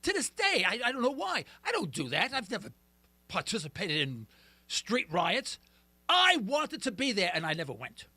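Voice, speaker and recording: A middle-aged male talk radio host delivers an emphatic, ranting monologue, now and then poking fun at himself. His voice sits very high and sounds bright and sharp, and his pitch swings widely. The studio sound is close and dry. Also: wildly swooping pitch, normal speed, no echo. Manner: emphatic, ranting, self-deprecating. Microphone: studio mic.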